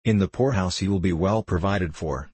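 A man's voice: deep voice, moderate pace, darkish tone, husky, no room sound. A man voicing a stern, pompous small-town deacon who speaks in stiff formal phrases.

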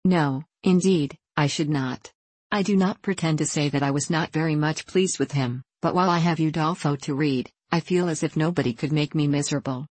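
A woman's voice: low-pitched, a little fast, a little mellow, husky, no room sound. A woman reading aloud, voicing an earnest, innocent young woman in an audiobook.

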